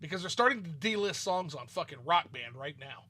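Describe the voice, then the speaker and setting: A man with a high, bright, forceful voice and a Southern twang blended with a flat Midwestern accent. He hosts a casual online chat, talking loosely and swearing a lot over a call mic. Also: fairly quick. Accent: Southern US mixed with Midwestern.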